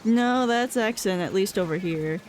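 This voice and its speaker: A woman's voice: medium pitch, moderate pace, darkish tone, slight background noise. A woman with a Boston accent chatting casually while streaming a game, laughing often and filling with "like". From New England. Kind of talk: casual chat while gaming.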